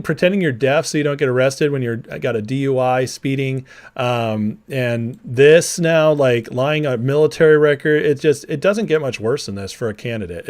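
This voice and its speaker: Male livestream host, blunt and combative, mid-range voice, casual live political commentary while reading chat. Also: mid-range voice.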